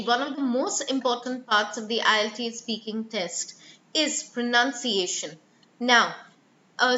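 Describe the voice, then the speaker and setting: A woman's voice: on the high side, sharp tone, echoey room, highs cut off, slight background noise. A woman teaching an online exam-prep speaking lesson, explaining with spoken examples and frequent fillers and self-corrections. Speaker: IELTS speaking trainer.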